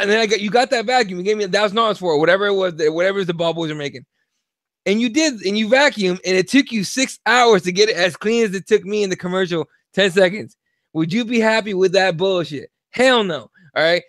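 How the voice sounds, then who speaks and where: A young man co-hosting a podcast, talking casually in an animated, profane way and acting out quotes. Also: high voice, no echo. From Mexico. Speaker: podcast co-host. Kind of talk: casual opinion chat.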